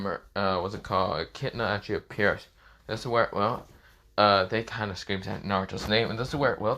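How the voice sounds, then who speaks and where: A man's voice: fairly low pitch, fairly bright tone, a little hiss or hum. Rambling male fan-fiction storyteller. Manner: rambling, filler-heavy, casual swearing. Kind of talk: improvised fan-fiction narration.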